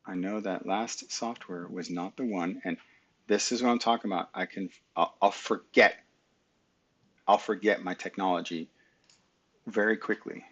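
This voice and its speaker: A man's voice: low voice, normal speed, a bit bright, breathy edge. A middle-aged man hosting a live stream, talking casually through his screen and muttering back at his computer, recorded on a webcam mic. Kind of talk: casual screen-share talk.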